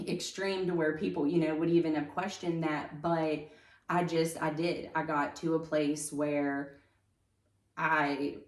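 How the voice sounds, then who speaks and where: A woman telling her personal story as a podcast guest, halting with many fillers and restarts. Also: low-pitched, level tone, a little mellow, reverberant, distant mic. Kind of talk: personal testimony in conversation.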